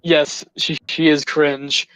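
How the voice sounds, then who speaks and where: A man's voice: on the high side, level tone, slow, a bit bright, smooth, low-quality recording. A man joining a livestream as a guest, agreeing and stammering in casual political chat.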